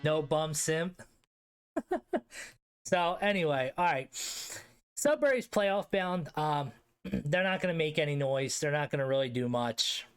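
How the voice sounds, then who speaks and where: He has a Philadelphia accent and a clear, resonant voice on the high side, animated but unhurried, with frequent pauses. Hosting a live stream, he ranks hockey league teams casually and slangily, cursing and replying to chat aloud.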